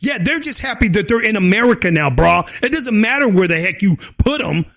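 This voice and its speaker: A man hosting his own channel, ranting loudly with mocking laughter and put-on imitations of opponents. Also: high voice, lively intonation, a little fast, gravelly. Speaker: host. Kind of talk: opinion rant.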